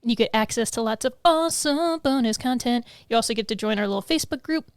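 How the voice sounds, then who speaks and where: A woman's voice: a little high, quick pace, clear, resonant tone, no room sound. A woman co-hosting a podcast in casual, rambling chat, laughing often, recorded on a stand mic in a small studio. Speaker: podcast co-host.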